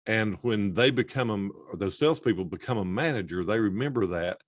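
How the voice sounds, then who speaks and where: A man's voice: fairly low pitch, expressive, fairly quick, no room sound, clean studio sound. A man answering as a podcast guest, speaking hesitantly and reflectively with many fillers. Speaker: podcast guest, sales trainer. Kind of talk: casual interview answer.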